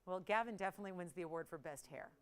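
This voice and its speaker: A woman's voice: fairly low pitch, very fast, smooth. Chatty woman hosting live jewelry sales. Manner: chatty and playful, laughs often, teases crew. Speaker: shopping channel host. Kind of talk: live on-air jewelry selling.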